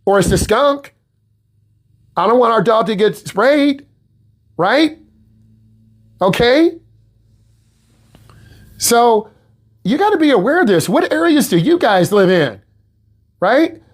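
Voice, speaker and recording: Animated man teaching a class. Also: very high voice, slow, pauses often. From Midwest US. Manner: animated, exhorting students, repetitive. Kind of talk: classroom lecture.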